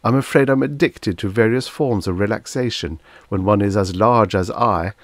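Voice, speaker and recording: A man's voice: on the low side, moderate pace, no echo, pitched above the performer's own voice, lightly acted. A man voicing a courteous, good-natured alien creature that speaks formally in a vintage science fiction audiobook. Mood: genteel.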